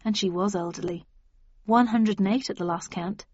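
Casting: woman audiobook narrator, mid-pitched, expressive, dry dull studio sound. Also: moderate pace, breathy edge, no echo. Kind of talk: scripted first-person narration.

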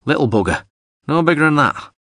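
A man doing a loud, excitable mercenary. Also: fairly high pitch, brisk, no room sound, voice pushed up, exaggerated voice. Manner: loud, emphatic. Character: excitable, tipsy male mercenary, wide-mouthed.

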